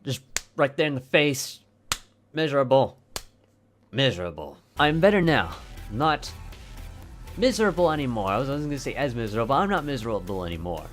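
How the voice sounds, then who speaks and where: A man's voice: mid-range voice, expressive, brisk. A teenage boy chatting casually on his vlog, jokey and self-mocking, into a desk mic at home. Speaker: YouTuber. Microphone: desk mic on stand. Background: soft background music.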